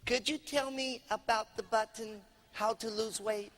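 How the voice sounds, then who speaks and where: A man voicing an overweight woman shopper who quietly asks about losing weight. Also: high voice, fairly even intonation, slow pace, full character voice. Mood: hesitant.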